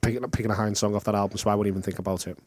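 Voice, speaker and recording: A man's voice: on the low side, flat delivery, very fast, a little mellow, dry recording, clean studio sound. A man in casual radio chat, blunt and swearing, with lots of 'uh' fillers. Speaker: radio show panelist.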